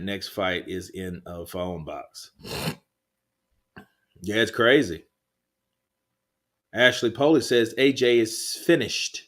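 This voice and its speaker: Casting note: a male livestream host, slightly low voice, casual and rambling, swears freely while reading chat. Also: expressive, takes it slowly, pauses often. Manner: laid-back, rambling, swears a lot. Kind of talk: casual live boxing chat, reading viewer comments.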